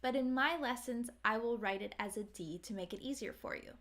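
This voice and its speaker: A woman with an American accent teaching English pronunciation, saying numbers slowly and carefully for learners to repeat. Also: on the high side, fairly bright tone. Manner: slow, careful, over-articulated modelling of words. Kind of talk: scripted pronunciation lesson.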